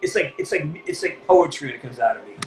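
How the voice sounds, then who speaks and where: A middle-aged man from New England with a Northeastern US accent, speaking as an interview guest, blunt and animated, with a lot of swearing. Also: fairly high pitch, quick pace, roomy sound, a little hiss or hum, low-quality recording. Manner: blunt, profane, animated storytelling. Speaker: voice actor guest. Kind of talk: candid interview.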